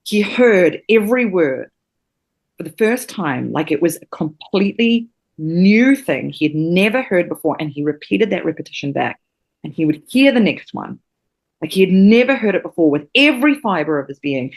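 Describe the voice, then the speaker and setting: A woman's voice: fairly low pitch, animated, moderate pace. A woman from New Zealand, a podcast guest who teaches acting, talking with passion and emphasis and swearing freely. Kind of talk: podcast interview.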